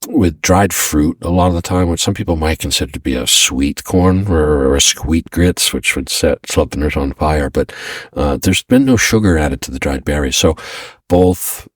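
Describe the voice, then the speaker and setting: A middle-aged man, a chef interviewed as a guest, talking in a relaxed, chatty way with frequent ums and restarts. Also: a bass voice, moderate pace, husky, no room sound, clean studio sound, distant mic. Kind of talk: casual interview conversation.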